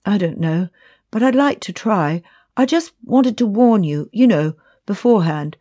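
A sheepish man who speaks haltingly and a little softly, stumbling over awkward words, as a woman narrator plays him. Her mid-height voice barely shifts for him, and it is recorded dry and close. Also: mid-range voice, animated, breathy edge, dry recording. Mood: hesitant. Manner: hesitant, halting, quiet. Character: shy, awkward confident man confessing.

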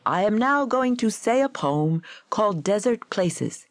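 Stern literary man, rasping voice, jaw set, read by a woman. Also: mid-range voice, expressive, a little slow, dry recording, clean studio sound, voice pushed up.

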